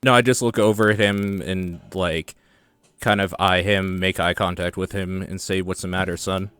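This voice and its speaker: A man playing a tabletop game, describing his character's actions calmly. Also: sits low, moderate pace, smooth, no room sound, studio quality. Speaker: player. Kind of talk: casual tabletop role-play.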